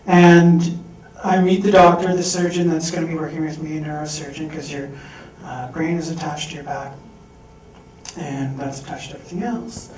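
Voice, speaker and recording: Animated man telling a story in a hall. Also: fairly high pitch. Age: adult. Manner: animated, acting out quoted voices. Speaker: speaker. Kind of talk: storytelling talk. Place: large hall. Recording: echoey hall from far off.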